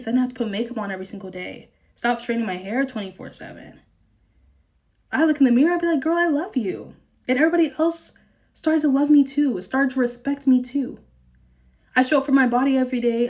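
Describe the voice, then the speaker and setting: Young woman vlogging, kinda high voice, blunt, swears a lot, laughs a bunch. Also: darkish tone. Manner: candid and emphatic, swears, laughs often. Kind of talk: personal storytelling.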